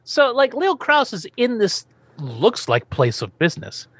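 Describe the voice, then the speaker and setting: A man's voice: high-pitched, huge pitch swings, a little slow, husky, dry recording. A man casually recapping a TV episode on a podcast, quoting the characters and laughing often. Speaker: podcast host.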